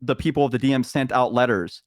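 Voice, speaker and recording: A man's voice: mid-range voice, quick pace, no echo, clean studio sound. A young man in casual conversation as a stream guest, recounting a tabletop game story in a rambling, filler-heavy way.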